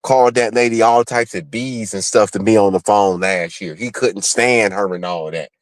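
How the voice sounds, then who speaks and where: A man's voice: fairly low pitch, normal speed, no room sound. A man on a livestream in heated, profane chat, bluntly calling out a rival.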